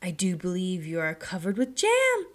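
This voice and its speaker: A woman voicing a little girl who owns the dolls, speaking high and loud with exclamations. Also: wildly swooping pitch, moderate pace. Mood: scolding. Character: little girl doll owner, scolding, fussy.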